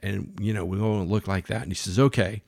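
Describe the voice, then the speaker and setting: A man telling a casual anecdote in an animated way, often restarting his phrases. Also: low voice, fairly quick, gravelly, dry recording, clean studio sound. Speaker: storyteller.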